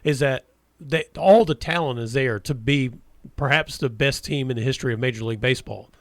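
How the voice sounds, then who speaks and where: A man's voice: medium pitch, fairly quick, a bit bright, dry recording, clean studio sound. Rambling sports radio host, man. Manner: rambling, hesitant, many restarts. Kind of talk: casual sports talk.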